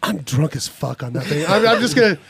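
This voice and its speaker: A man chatting on a podcast panel, loud and animated with mock-boastful shouting. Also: fairly high pitch, brisk, vocal fry, husky, dry recording. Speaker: podcast panelist and pub quiz host. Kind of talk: casual chat.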